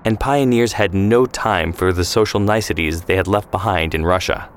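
Deep-voiced man narrating a story. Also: a little hiss or hum. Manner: measured, descriptive. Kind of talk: scripted narration.

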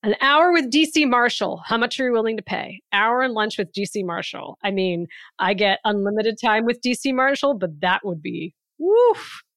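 Animated woman co-hosting a podcast. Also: medium pitch, normal speed, dry recording, clean studio sound. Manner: animated storyteller with emphatic exclamations. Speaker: podcast co-host. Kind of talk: casual chat.

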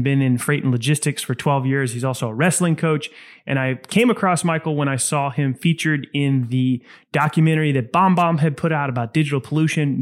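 Upbeat podcast host, a man. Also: fairly high pitch. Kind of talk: podcast interviewing.

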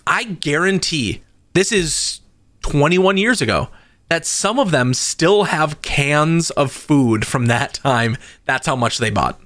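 A man co-hosting a casual podcast chat, telling stories in an animated way and jumping his pitch for emphasis. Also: slow pace, dry recording. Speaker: podcast co-host.

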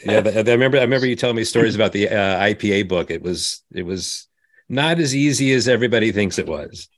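A man's voice: lowish voice, lively intonation, fast talker, dry recording, studio quality. Easygoing male podcast host. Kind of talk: casual interview chat.

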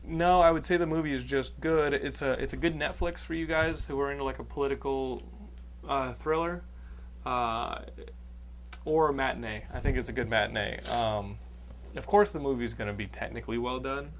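A man's voice: medium pitch, moderate pace, slight background noise. A man from Texas hosting a podcast, chatting loosely about a movie with many fillers and a profane streak. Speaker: podcast host. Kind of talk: casual chat, movie review.

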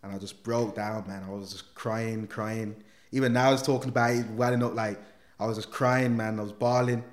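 A man telling an animated personal story as a podcast guest, full of slang. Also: fairly low pitch, a little fast. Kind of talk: casual storytelling.

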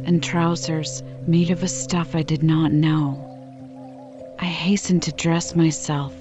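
A woman reading a classic novel aloud as an audiobook, telling the story in a measured, even way. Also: deep voice. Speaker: audiobook reader. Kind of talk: scripted narration of a classic novel. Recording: dull lo-fi with faint music.

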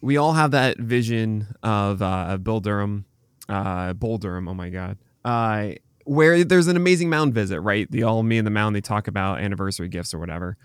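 A man's voice: lowish voice, normal speed, clear, resonant tone, dry recording, clean studio sound. A man hosting a casual interview, steering the talk with questions. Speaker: podcast host.

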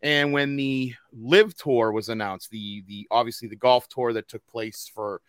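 A man with a Boston accent runs a loose podcast chat in a middle-pitched voice. He rambles, piles up "uh"s and restarts his sentences. His voice is close and dry, with no room sound. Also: a little slow, fairly bright tone, smooth, dry recording. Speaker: podcast host.

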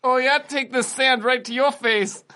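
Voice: high-pitched, fairly even intonation, normal speed, pushed and bright, pitched above the performer's own voice. A player voicing a muscle-bound beach bully, taunting and boastful, in a tabletop game.

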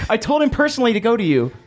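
An eager young halfling knight, as a man puts him on, gushing at his mother in a lifted, affectionate voice. He stumbles a bit in his excitement, in a tabletop game with faint music. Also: sits high, fast, pitched above the performer's own voice. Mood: excited. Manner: warm, gushing, slightly flustered.

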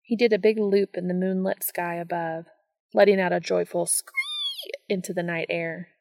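A woman narrating a romance story aloud in a calm, soft storytelling manner. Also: on the low side, moderate pace, a little hiss or hum.

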